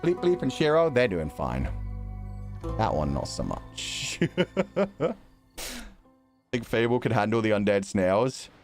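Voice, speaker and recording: A man's voice: on the low side, sing-song, slow pace, long pauses, faint music behind. A man casually commentating while he streams a fantasy tavern game, swearing freely and laughing often.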